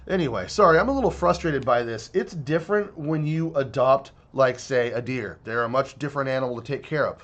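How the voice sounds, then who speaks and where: A man's voice: mid-range voice, brisk, hardly any pauses, lo-fi sound. A man giving a heated, profane video commentary rant, sounding exasperated. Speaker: online commentator.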